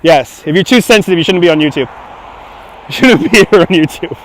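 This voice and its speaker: A Brooklyn man with a fairly high voice runs a walking livestream on city streets. He is loud and joking and breaks into laughter often, with traffic passing outdoors behind him. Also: expressive, brisk. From Brooklyn, New York. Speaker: livestream host. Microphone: handheld phone on gimbal.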